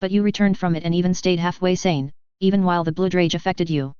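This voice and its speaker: A woman reading a blunt, sharp-tongued mage. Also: lowish voice, fast, clean tone, no echo, highs cut off, lightly acted. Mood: incredulous.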